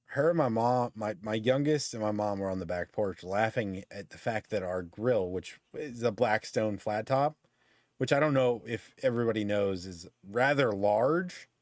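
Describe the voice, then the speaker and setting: A man's voice: fairly low pitch, moderate pace, a little mellow, no room sound, clean studio sound. A middle-aged man telling a story in casual chat, swearing freely and ranting as he goes. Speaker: podcast host.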